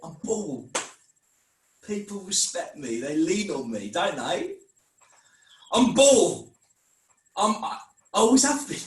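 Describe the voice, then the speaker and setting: A man voicing a guilt-ridden, self-doubting young man in an online script reading, halting and anguished. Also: high voice, very animated. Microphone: video call mic. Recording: echoey room, mic at a distance.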